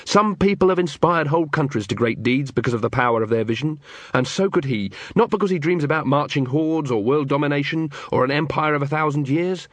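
A man reads a novel aloud in a measured storytelling manner. His pitch sits a little high and moves with plenty of life. The recording is close and dry. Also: no echo. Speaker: audiobook narrator. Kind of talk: scripted narration.

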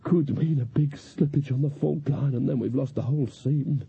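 A man's voice: mid-range voice, normal speed, gravelly, dark tone, a little hiss or hum, close to an everyday voice. A man voicing a gloomy, fretful male dwarf miner who mutters mournfully, in an audiobook reading on a slightly dull lo-fi recording.

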